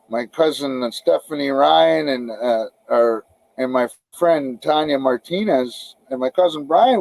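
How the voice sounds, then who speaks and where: A man's voice: on the high side, a little mellow, poor audio. A middle-aged man telling long, rambling stories as a podcast guest, swearing freely and often restarting his sentences. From Canada. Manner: rambling, profane, frequent restarts. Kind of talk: casual storytelling interview.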